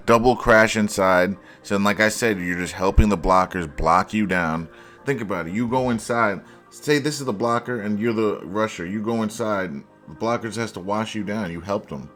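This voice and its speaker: A man's voice: on the low side, moderate pace, a bit bright, soft background music. A man giving a casual, sarcastic breakdown of football plays, mocking the mistakes bluntly as he analyzes the film.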